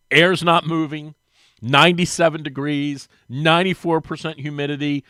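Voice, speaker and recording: A man, a regular guest on a sports radio show, telling a long animated story and acting out the voices of the people in it. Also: no room sound, clean studio sound. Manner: lively storyteller, acts out quoted voices with big pitch jumps. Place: radio studio. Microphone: studio microphone.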